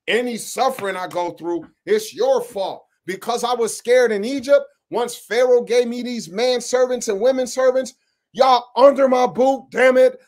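A contemptuous patriarch barks orders at his household and sneers at everyone below him, as a preacher puts him on. The voice sits high and booms louder than ordinary speech, with a drawn-out, swaggering delivery. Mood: scornful, bossy. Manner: blustering, contemptuous and bossy. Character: imagined arrogant domineering patriarch, grown man.

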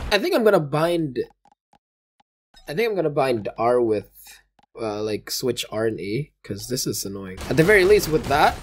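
A man giving excitable, swearing commentary while playing a video game, often calling out "dude" and panicking. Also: mid-range voice. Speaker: gaming YouTuber. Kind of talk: casual gameplay commentary. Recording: loud game music and gunfire behind.

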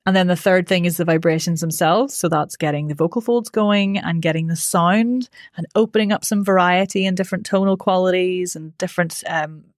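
A woman, a voice coach answering interview questions in a clear, methodical, upbeat way. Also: fairly low pitch, steady tone, brisk, hardly any pauses, dry recording, studio quality. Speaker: voice coach, podcast guest.

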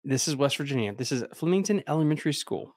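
A man co-hosting a podcast in casual chat, excitable and laughing often. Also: fairly high pitch, fast, dry recording, studio quality. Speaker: podcast co-host.

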